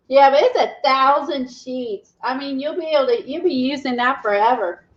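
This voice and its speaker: A woman's voice: high-pitched, measured pace, fairly bright tone, highs cut off. A woman hosting a craft livestream, chatting casually, laughing often and reading the live chat.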